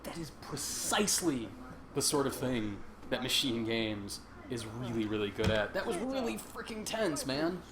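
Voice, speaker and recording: A man hosting a casual game stream jokes, chats, and laughs often as he plays and comments, speaking at a moderate pace in a sing-song, mid-range voice. Faint game noise sits in the background, along with crowd noise.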